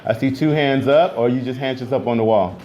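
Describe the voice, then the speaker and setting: A man teaching a music class, keeping students on task with firm, brisk directions and some playful teasing. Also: mid-range voice, warm tone. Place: school classroom. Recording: noisy classroom with students chattering.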